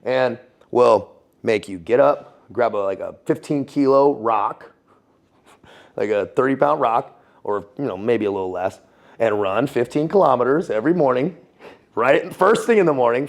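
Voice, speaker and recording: A gravelly-voiced American man recounts his military days in a loose, profane interview style. He laughs often, leans on "dude" and "bro," and his pitch leaps up whenever a story gets going. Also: normal speed. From United States. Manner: animated, profane, laughing, calls everyone dude. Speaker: guest, former Navy SEAL and Foreign Legionnaire.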